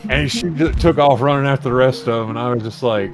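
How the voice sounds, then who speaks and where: A man casually telling an animated, profane story to friends on a live show. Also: mid-range voice, fast, music in the background.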